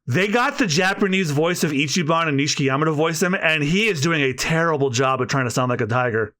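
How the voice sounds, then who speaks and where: A man's voice: fairly high pitch, animated, brisk, bright, forceful tone. A man co-hosting a podcast, chatting casually and animatedly, rambling and laughing as he talks. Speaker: podcast co-host. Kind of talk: casual chat.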